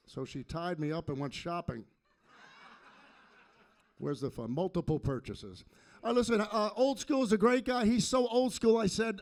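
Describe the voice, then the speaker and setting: A man performing a stand-up comedy set on a club stage, delivering deadpan punchlines into a handheld mic. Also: sits high, moderate pace, long pauses. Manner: deadpan punchline delivery with sung parody bits.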